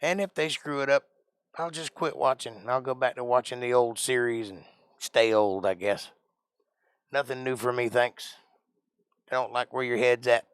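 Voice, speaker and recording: A man's voice: mid-range voice, moderate pace, smooth, dry recording. A man hosting a casual live stream, joking around in a put-on accent and sounding tired. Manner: joking, puts on an odd made-up accent. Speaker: livestream host.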